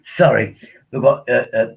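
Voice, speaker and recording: A man's voice: medium pitch, vocal fry, slightly rough, low-quality recording. A tipsy man rambling casually as he hosts a live stream, coaxing viewers to join him on air. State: tipsy from drinking. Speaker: livestream host.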